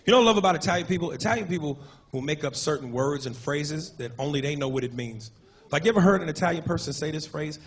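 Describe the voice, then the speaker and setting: A man's voice: a little high, animated, fast. A man performing a stand-up comedy set in a club, with a profane, punchy, swaggering delivery. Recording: noisy live club recording.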